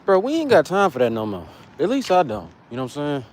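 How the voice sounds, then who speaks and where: A man's voice: a little high, huge pitch swings, fast. An American man chatting casually with slang to livestream viewers while walking outdoors for cardio. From United States. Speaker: fitness vlogger. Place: outdoors on an urban street, walking. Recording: faint traffic noise outside.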